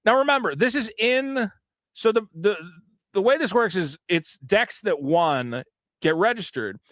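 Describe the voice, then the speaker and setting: Animated male podcast host, high and swooping, cursing freely, dry sound. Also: unhurried, dry recording. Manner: animated, profane ranting with acted quotes. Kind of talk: casual podcast chat.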